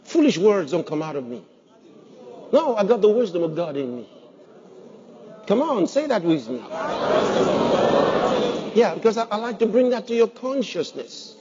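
A man's voice: sits high, sing-song, normal speed, long pauses, a crowd in the background. A man preaching a sermon as pastor, emphatic, putting rhetorical questions to his congregation. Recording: dull sound with long hall reverb.

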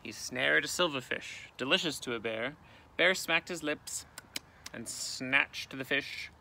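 A male teacher reading a picture book aloud with expressive, dramatic storytelling, outdoors in a canoe. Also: medium pitch, measured pace, vocal fry, slight background noise.

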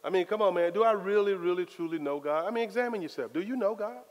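A man preaching a sermon as pastor, in a lively, conversational style full of casual Southern phrasing. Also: sits high, fast talker. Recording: long hall reverb.

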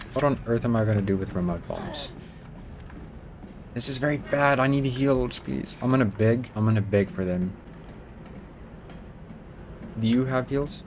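A man giving excitable let's-play commentary, swearing, joking and pleading with the game as he plays. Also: medium pitch, noisy background. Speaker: gaming YouTuber.

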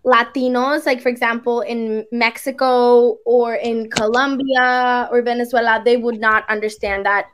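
Slow-speaking woman. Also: on the high side, flat delivery, a bit bright, a little hiss or hum. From Puerto Rico. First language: Spanish. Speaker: English tutor. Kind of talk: casual conversation lesson on a video call.

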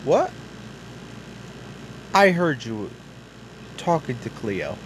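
A man voicing a father truck who talks in a low, subdued, calm way in a hobby toy drama. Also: extremely slow, background noise. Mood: remorseful. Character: father truck, stern but forgiving.

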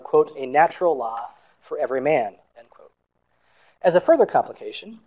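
A man reads an academic conference paper aloud in a measured, careful way, marking each quotation as he goes. His voice sits a little high for a man. The recording is dull and lo-fi. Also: a little mellow. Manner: measured reading with quotes marked aloud. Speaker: scholar presenting a conference paper.

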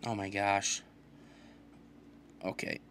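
A young man giving casual commentary while playing a video game, swearing often and trash-talking opponents in an excitable way. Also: lowish voice, slow pace, a little hiss or hum. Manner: profane, excitable trash talk. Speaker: gaming channel host.

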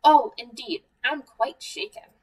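A woman's voice: sits high, unhurried, breathy edge, pitched above the performer's own voice. A woman voicing a small, very polite and eager male mouse who keeps apologizing. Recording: voice a bit far from the mic.

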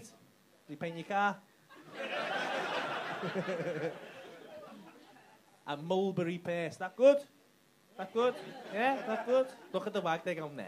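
A man doing brash, sweary stand-up crowd work in a comedy club. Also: sits high. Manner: brash, sweary banter with the audience. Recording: live club with loud crowd laughter.

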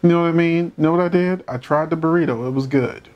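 A man's voice: a little high, fast, lo-fi sound. Emphatic man giving blunt opinions. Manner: animated, emphatic, rhetorical questions; holds back from cursing. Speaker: commentator reacting to a court show. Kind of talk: casual opinionated commentary.

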